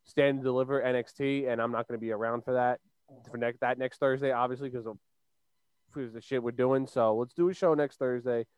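This young co-host from Long Island, New York, tells a rambling story on a casual chat show, full of fillers and restarts. His mid-range voice is clean and a little mellow, with fairly even intonation and a slightly fast pace. There's no echo.

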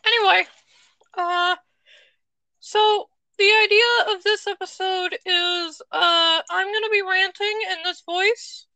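A man putting on a squeaky, high ranting voice as a podcast co-host, rambling and stumbling over words. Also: fairly even intonation, takes it slowly, bright, forceful tone, no room sound, heavily acted. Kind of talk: comedic podcast banter.

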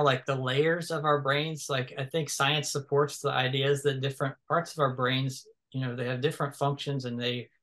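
A man's voice: medium pitch, bright, forceful tone. A man from the American South, a guest in a casual conversation, rambling and thinking aloud with many fillers and restarts.

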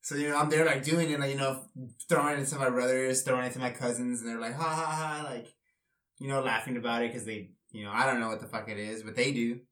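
A man's voice: medium pitch, steady tone, fast talker, fairly bright tone, roomy sound, far from the mic, poor audio. A man co-hosting a podcast, telling a story in a rambling way with lots of swearing and fillers. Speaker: podcast co-host. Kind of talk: casual podcast chat.

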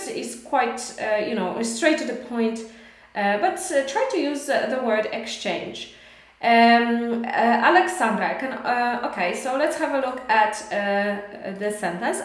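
Chatty Polish-accented woman teaching English. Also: fairly high pitch. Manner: chatty, encouraging, many fillers. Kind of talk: live online English lesson. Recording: echoey room.

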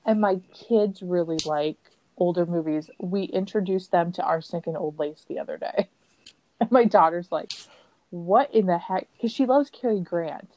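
A woman's voice: on the low side, normal speed, no echo, muffled recording. Thirtyish woman rambling casually on a podcast, laughs a lot, acts out what people said, dead dry mic. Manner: animated storyteller, laughs often, acts out quotes. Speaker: podcast host. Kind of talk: casual chat.

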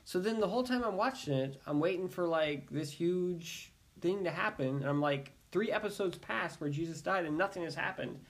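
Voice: mid-range voice, moderate pace, few pauses. A co-host in casual chat, telling stories animatedly and quoting friends. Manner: animated storyteller, quotes others.

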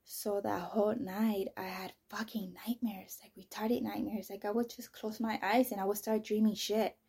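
A woman telling her own story in a candid monologue, talking softly, often near a whisper, blunt and profane. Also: mid-range voice, flat delivery, moderate pace, creaky, slightly rough.

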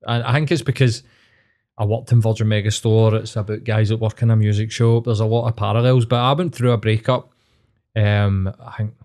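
A man's voice: lowish voice, little pitch movement, fairly quick, darkish tone. A man with a Glaswegian Scottish accent, co-hosting a podcast in casual chat, supportive and matey, leaning on fillers like "do you know what I mean". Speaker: podcast co-host.

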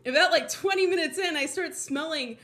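A woman from Colorado hosting a podcast, telling a rambling everyday story in a casual, animated way, laughing often, swearing freely and acting out her own thoughts. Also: high voice, a little fast. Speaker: podcast host.

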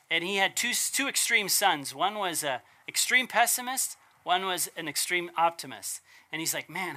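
A man's voice: sits high, bright, forceful tone. A man preaching a casual, conversational sermon, asking rhetorical questions and correcting himself as he goes. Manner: chatty, asks rhetorical questions, self-corrects.

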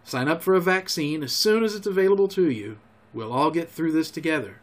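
Man reading an adventure story aloud. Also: on the high side. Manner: measured, expressive narration. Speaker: podcast storyteller.

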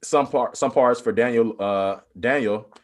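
A man in a loose podcast conversation, his voice sitting at an ordinary middle pitch. He rambles, leaning hard on "like" fillers, then jumps into lively, higher bursts when a point excites him. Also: measured pace. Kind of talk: casual discussion.

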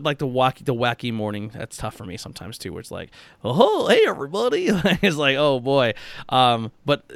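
Young male podcast host, smooth tone, dry recording, loose rambling delivery. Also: medium pitch, a bit bright, no echo. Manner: rambling, repeats words, frequent fillers. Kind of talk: casual conversational interview.

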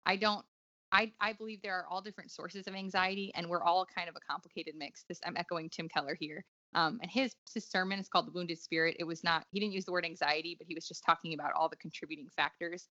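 A woman talks earnestly and reflectively, full of fillers and quick restarts. Her voice is bright and forceful, and it sits a little low. The sound is dry and somewhat dull, like a lo-fi recording. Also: steady tone, dry recording. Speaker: guest author. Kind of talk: conversational interview.

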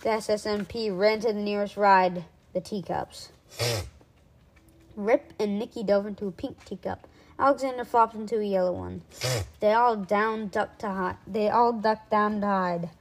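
A woman reading a children's storybook aloud, lively and with small slips she corrects. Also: mid-range voice, moderate pace, low-quality recording.

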